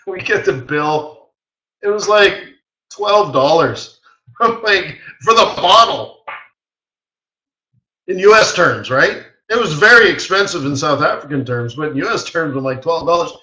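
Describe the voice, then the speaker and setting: Animated man in echoey, muffled room audio. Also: fairly high pitch, measured pace, pauses often. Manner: animated anecdote teller who laughs often and acts out quoted voices. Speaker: market strategist hosting a trading webinar. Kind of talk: live webinar storytelling.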